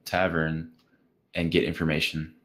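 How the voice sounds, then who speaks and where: Deep-voiced joking male player. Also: monotone, a little slow, a bit bright. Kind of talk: casual tabletop game chat.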